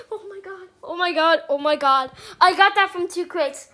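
A woman giving casual gameplay commentary as a YouTuber, talking through her choices and turning excitable when she gets lucky. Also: very high-pitched, moderate pace, few pauses. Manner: excitable, squealing with joy. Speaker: gaming YouTuber.

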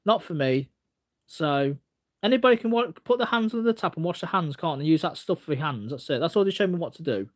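High-voiced man rambling on a livestream. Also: lively intonation, fast. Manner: rambling, repeats himself, stammering restarts. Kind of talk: casual livestream rant, reading chat.

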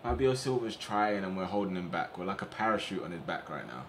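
A young man commentating on his football management game, getting excited and shouting at his players on screen. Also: sits low, a little fast, a little hiss or hum. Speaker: gaming streamer.

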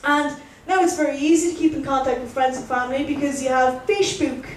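High-voiced Irish woman doing stand-up. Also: fairly even intonation, fast talker, slight background noise. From Ireland. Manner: chatty, self-mocking, talks to the crowd. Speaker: stand-up comedian. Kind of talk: stand-up routine. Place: comedy club stage. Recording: roomy live gig from a distance.

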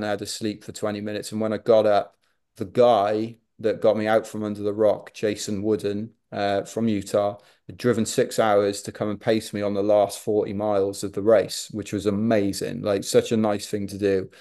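A man's voice: on the low side, moderate pace. Man telling a wry running story. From Wales. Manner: animated, self-deprecating humour. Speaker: podcast guest, ultrarunner. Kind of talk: anecdotal storytelling.

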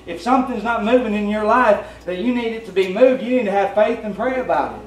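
A fast-talking pastor from Tennessee, his Southern US accent riding a high-sitting voice, gives a plainspoken, folksy sermon in a conversational style. He's recorded in a church sanctuary by a far-off mic that captures the room's spaciousness and a faint hum.

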